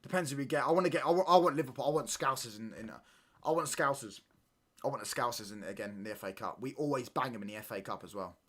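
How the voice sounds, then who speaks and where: A man hosting a live football watchalong, talking in excitable, slangy banter and reacting to the play as it happens. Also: mid-range voice, quick pace. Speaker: watchalong streamer.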